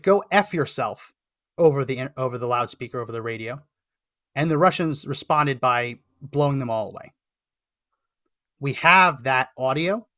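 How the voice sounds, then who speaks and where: Male political show host, earnest and emphatic, bright tone, dry close studio mic. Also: mid-range voice, no room sound. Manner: earnest and emphatic, repeats phrases for stress. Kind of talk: opinionated political commentary.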